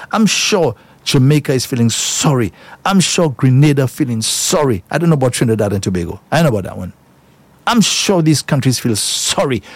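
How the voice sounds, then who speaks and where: A husky-voiced man delivers solo commentary. He talks emphatically and repeats phrases for effect. His delivery is indignant and direct. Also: mid-range voice, dry recording. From Saint Lucia. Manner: emphatic, repetitive, indignant, addresses listeners as folks.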